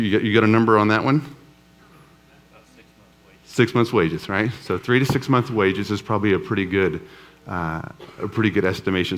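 Low-voiced pastor, conversational. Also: male voice. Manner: conversational storytelling with humor. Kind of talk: sermon. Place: church before a live congregation.

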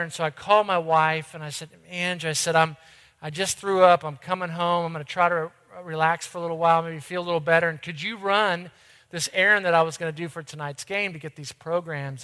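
Man, middle-aged, church ministry director, high voice, conversational sermon, self-deprecating, long hall reverb. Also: pushed and bright. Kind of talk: sermon storytelling.

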